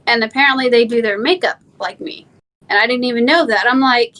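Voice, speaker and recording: A chatty woman answers interview questions over a remote call. Her voice sits fairly high, and she talks quickly and laughs easily as she tells her stories. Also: pushed and bright. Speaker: guest, content creator. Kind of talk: casual interview chat.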